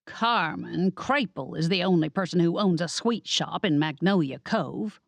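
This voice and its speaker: Gruff older grandmother in an audiobook voiced by a woman, curt, close and dry sound. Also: mid-range voice, big pitch swings, takes it slowly, no room sound, exaggerated voice. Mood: prickly.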